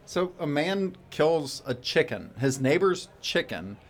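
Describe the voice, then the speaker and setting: A man's voice: on the high side, sing-song, slow. A man co-hosting a podcast, asking skeptical, incredulous questions. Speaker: podcast co-host. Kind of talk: casual chat.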